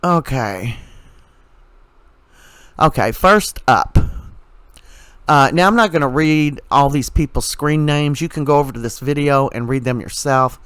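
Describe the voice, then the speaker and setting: A man's voice: mid-range voice, a little slow, long pauses, fairly bright tone, clear, resonant tone, no room sound. A man hosting a casual commentary vlog, ranting in a sarcastic and exasperated way. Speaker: commentary channel host.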